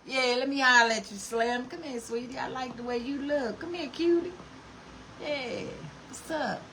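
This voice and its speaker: A woman's voice: sits high, normal speed, fairly bright tone, slight background noise, low-quality recording. A woman mimicking a brash young man who is hitting on women, in a swaggering, slangy way.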